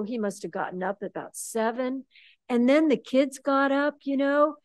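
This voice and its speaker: An older woman giving a lecture as a visiting artist, telling a story with animated, ironic emphasis. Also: fairly high pitch, dry recording. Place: lecture hall.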